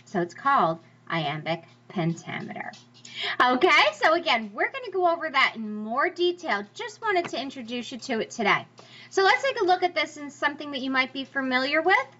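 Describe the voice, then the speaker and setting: A woman's voice: sits high, big pitch swings, moderate pace, pushed and bright, slight background noise. A woman teaching a lesson on poetry in a chatty, encouraging way. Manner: encouraging, chatty, reassures listeners. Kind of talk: recorded lecture on poetry. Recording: dull lo-fi recording.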